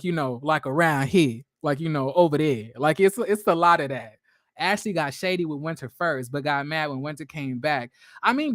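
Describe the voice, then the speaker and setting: A man's voice: a little high, no room sound, studio quality. Chatty profane young man commentator. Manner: chatty, profane, laughing often, many fillers and restarts. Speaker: reality TV commentator hosting a live stream. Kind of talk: casual reaction commentary.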